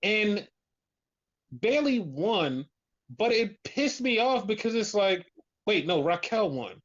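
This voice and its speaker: A man's voice: high-pitched, big pitch swings, takes it slowly. A man in casual chat, rambling with lots of "like", swearing, and acting out what others would say. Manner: rambling, profane, heavy on "like", acts out quotes. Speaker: podcast co-host. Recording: dull lo-fi recording.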